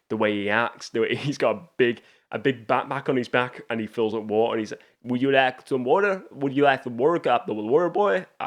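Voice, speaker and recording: A man hosting a casual film review show, talking enthusiastically with frequent restarts and rambling asides. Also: mid-range voice. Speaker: movie show host.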